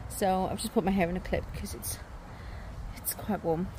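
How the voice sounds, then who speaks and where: A woman's voice: mid-range voice, fairly even intonation, moderate pace, warm tone, a little hiss or hum. A woman vlogging in her garden, chatting casually and laughing often. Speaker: vlogger and mother. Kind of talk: casual chat to camera. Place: outdoors in a garden.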